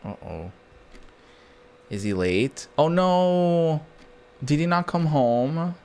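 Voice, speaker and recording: A man's voice: a little high, lively intonation, takes it slowly, a little mellow, clean tone. A man streaming a video game, reacting aloud and reading the on-screen text messages, audibly moved with sighs and half-laughs. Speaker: gaming streamer. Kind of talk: let's play commentary.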